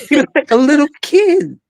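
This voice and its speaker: Gravelly and very high-pitched, this unhurried voice belongs to a veteran singer in his eighties telling stories during an interview, recorded with no echo. He acts out the voices in his stories and often breaks into laughter.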